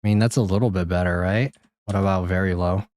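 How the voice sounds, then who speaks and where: A man with a low speaking voice talks his way through a game on a live stream. He rambles, jokes with chat and swears casually, and he jumps into high-pitched exclamations when something surprises him. The sound is dry and close, with no room echo. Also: fairly even intonation, quick pace, a little mellow. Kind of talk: live gameplay commentary.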